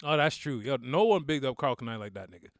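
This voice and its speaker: A man's voice: mid-range voice, expressive, fast talker, no room sound, studio quality. A man in his thirties co-hosting a podcast, chatting loosely with joking slang banter. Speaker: podcast co-host. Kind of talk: casual chat.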